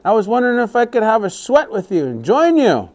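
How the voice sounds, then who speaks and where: Sly coyote trickster as a storyteller puts him on, high bouncy voice, showy, scheming. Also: male voice, huge pitch swings, a little fast. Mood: wheedling. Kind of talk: children's storytelling.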